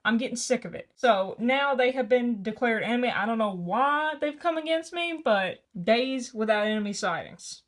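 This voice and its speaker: A woman's voice: fairly high pitch, expressive, moderate pace, hardly any pauses. Chatty young Tennessee woman. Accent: Tennessee Southern. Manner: chatty, self-mocking, rambling asides. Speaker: book vlogger. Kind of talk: casual vlog chat. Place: home kitchen.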